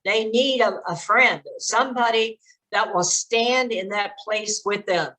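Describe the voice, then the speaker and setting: A woman's voice: medium pitch, unhurried, pushed and bright, low-quality recording. An older woman giving earnest, direct advice to parents in a presentation, with frequent fillers. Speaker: speaker on child exploitation prevention.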